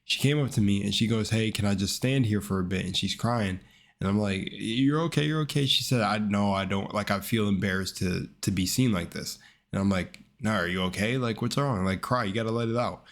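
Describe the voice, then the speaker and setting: Rambling young man with a low voice. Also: brisk. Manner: rambling, excitable, swears casually, repeats words. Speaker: channel host. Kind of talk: casual storytelling to camera.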